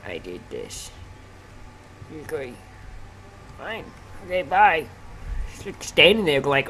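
A man commentating on his own gameplay, excitable and often blurting out exclamations. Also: fairly high pitch, slow pace, long pauses, slight background noise. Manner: excitable, keeps exclaiming "oh snap". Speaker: gaming channel host. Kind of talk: let's play commentary.

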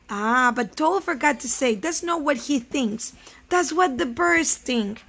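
A woman teaching first graders a reading lesson, asking questions gently and switching into Spanish now and then. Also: sits high, animated, measured pace, creaky. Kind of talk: remote reading lesson for children.

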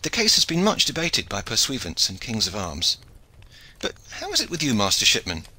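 A man's voice: lowish voice, wildly swooping pitch, moderate pace, pushed and bright, slight background noise, exaggerated voice, low-quality recording. A man reading an audiobook, voicing a courteous and precise medieval knight with formal speech.

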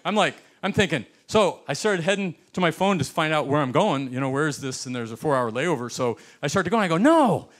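A man from the United States, a pastor telling a story in a sermon, animated and chuckling as he acts out the people in it. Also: fairly high pitch, a little fast, few pauses. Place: church sanctuary.

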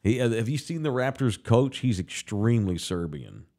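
A man's voice: medium pitch, big pitch swings, normal speed, warm tone. A man hosting a casual talk show, ranting profanely and with animation.

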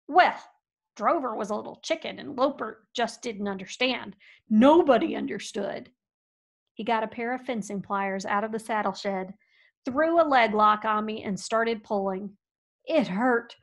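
A woman reading a storybook aloud with folksy, lively expression. Her voice sits a little high, and she swings between hushed asides and loud outbursts. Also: unhurried. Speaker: audiobook reader. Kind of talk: storybook narration.

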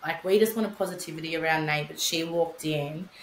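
A woman's voice: deep voice, brisk, reverberant, a little hiss or hum, low-quality recording. A young woman telling her story in casual podcast chat, candid, swearing freely, with many fillers. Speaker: podcast guest, bereaved mother.

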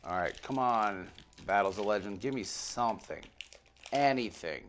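Male vlogger, low and gravelly, casual pack-opening chatter, mutters card names, swears freely. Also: normal speed, slight background noise. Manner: rattles off card names, swings between muttering and excited outbursts, swears freely. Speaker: card pack opener on a video channel.

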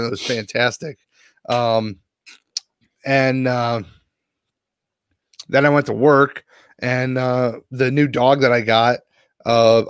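A man co-hosting a podcast, telling a long rambling story full of swearing. He is sore and worn out after a rough day. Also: medium pitch, no room sound, studio quality. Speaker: podcast co-host. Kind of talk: casual podcast chat.

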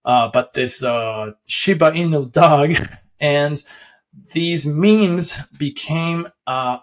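Casting: young male explainer, slightly high voice, loose rambling delivery with lots of ums and chuckles. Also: extremely slow. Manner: rambling, many fillers and restarts, chuckles often. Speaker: finance video host. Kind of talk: casual explainer.

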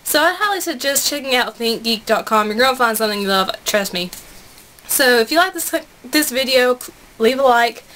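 An excitable young woman talks through an unboxing vlog at home, gushing and chatty. Her voice sits high. A faint hiss of noise hangs behind her. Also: moderate pace. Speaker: vlogger.

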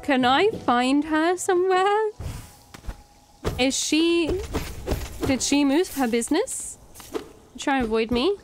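A woman's voice: sits high, lively intonation, slow, long pauses. A young woman chatting and reacting expressively while playing a video game, often swearing and laughing. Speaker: game streamer. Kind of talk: casual let's-play commentary. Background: game music.

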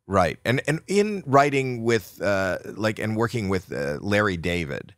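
A man hosting a podcast and asking halting questions full of fillers. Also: fairly low pitch, sing-song, fairly bright tone, no room sound, clean studio sound. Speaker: podcast host. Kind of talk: podcast interview.

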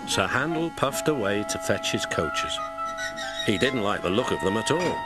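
A British man narrating a children's story with a very lively, up-and-down delivery. His tone is gently expressive, and music plays under the narration. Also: on the low side, normal speed.

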